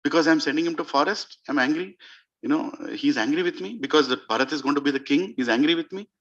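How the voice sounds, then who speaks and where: A man's voice: on the high side, quick pace, muffled recording, close to an everyday voice. A man voicing a stubborn, uneasy queen who mutters indignantly to herself.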